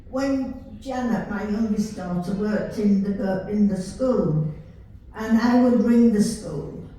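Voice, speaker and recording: An older woman with a Yorkshire accent, chatting warmly as she tells stories from her life. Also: mid-range voice. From Yorkshire, England. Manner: chatty, warm storytelling with laughs. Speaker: storyteller recalling her life. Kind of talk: casual reminiscing. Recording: roomy, distant mic with faint hiss.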